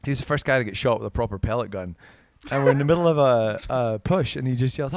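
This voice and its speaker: A Scottish man appears as a podcast guest, telling stories in casual conversation while swearing and poking fun at himself. His voice is medium in pitch and quick, with no room sound.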